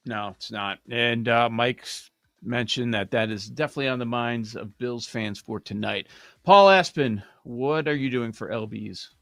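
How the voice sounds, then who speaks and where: A man hosting a sports betting show, talking casually and thinking out loud with restarts. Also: medium pitch, measured pace, vocal fry, dry recording, clean studio sound.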